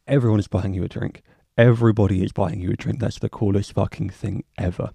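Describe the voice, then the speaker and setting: A young man talks through his solo podcast in a rambling, casual way, cursing freely and poking fun at himself. His voice sits low and mellow with a gravelly edge. The recording is close and dry. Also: moderate pace, dry recording. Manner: rambling, swears freely, self-mocking asides. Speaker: podcast host.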